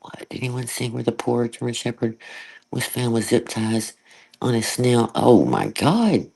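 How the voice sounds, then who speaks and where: A man's voice: medium pitch, sing-song, a little slow, gravelly, a little mellow, breathy edge. A man hosting a late-night livestream, chatty and laughing often as he mimics others. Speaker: livestream host. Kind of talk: casual chat.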